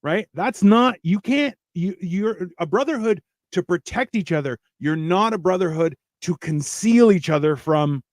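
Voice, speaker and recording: A man's voice: high voice, lively intonation, unhurried, hardly any pauses, no echo, studio quality. A man hosting a casual podcast chat, talking bluntly with lots of swearing and emphatic repeats. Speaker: host.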